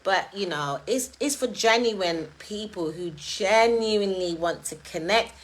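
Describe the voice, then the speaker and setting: A middle-aged woman, hosting and talking casually in a chatty, animated way, laughing often. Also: medium pitch, a little slow, rough recording. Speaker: event host. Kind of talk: casual monologue.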